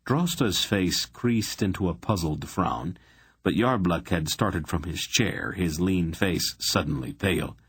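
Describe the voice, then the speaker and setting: A man narrating an audiobook with a steady, even reading. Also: low voice, a little slow, vocal fry, breathy edge, dry recording. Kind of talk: scripted narration.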